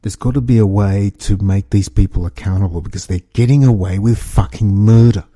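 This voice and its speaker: A man's voice: on the low side, fairly quick, dark tone, no room sound, studio quality. Angry man ranting on a podcast. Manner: angry, repetitive, swearing, stumbling restarts. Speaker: podcast host.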